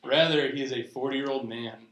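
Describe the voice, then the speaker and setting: At a live show, a young man delivers stand-up in a fairly bright, mid-range voice with fairly even intonation at normal speed, rambling and self-interrupting with frequent restarts. Crowd laughter and faint noise come through the roomy recording.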